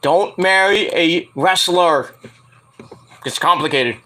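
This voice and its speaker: A man's voice: high-pitched, takes it slowly, sharp tone. A man hosting a casual wrestling news show, rambling and profane, laughing at his own jokes. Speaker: podcast host.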